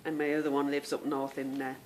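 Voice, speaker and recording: A woman's voice: extremely low pitch, level tone, a little fast, a little mellow, a little hiss or hum. A woman hosting a knitting podcast, chatting casually to viewers, rambling off on tangents and stumbling over unfamiliar names.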